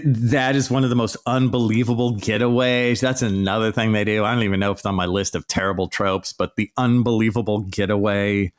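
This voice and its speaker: A man hosting a podcast, delivering an exasperated, sarcastic solo rant with plenty of swearing. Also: lowish voice. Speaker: podcast host.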